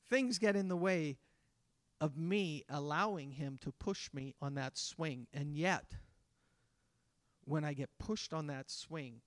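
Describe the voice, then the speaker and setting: A pastor in his fifties preaching a conversational sermon, acting out little scenes in soft voices. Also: a little high, no room sound. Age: 50s. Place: church.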